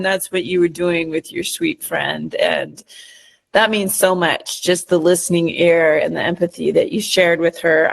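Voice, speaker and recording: A woman's voice: mid-range voice, vocal fry. Chatty middle-aged American woman co-host. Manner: relaxed, chatty, many fillers. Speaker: podcast co-host. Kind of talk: casual political chat.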